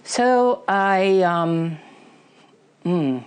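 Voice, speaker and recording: A woman's voice: on the low side, lively intonation, extremely slow, darkish tone, clean tone. A middle-aged woman telling her personal recovery story in an interview, candid and emotional, with many fillers.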